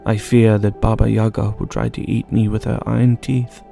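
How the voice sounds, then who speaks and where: A man's voice: lowish voice, little pitch movement, moderate pace, creaky, mellow, faint music behind. A man voicing a polite young girl in a fairy tale, speaking courteously while hiding fear.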